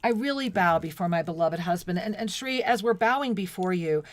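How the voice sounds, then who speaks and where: A woman's voice: fairly low pitch, lively intonation, a little fast, dry recording. A woman co-hosting a spiritual talk radio show, reading listener messages in an effusive, devotional way and often restarting her sentences. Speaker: co-host.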